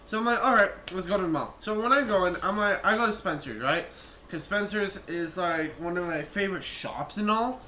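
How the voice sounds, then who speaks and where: A high-voiced young man tells a long story in a casual, rambling way, circling back and restarting his sentences. His voice sounds bright, and it echoes around a room with a faint hiss behind it. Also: lively intonation, brisk. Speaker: vlogger.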